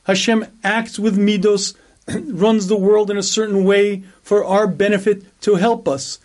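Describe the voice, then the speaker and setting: A man with a high voice teaches a Torah class, pressing each point home through repetition and rhetorical questions. He often clears his throat between thoughts. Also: level tone, unhurried, a little mellow. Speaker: rabbi teaching a weekly class.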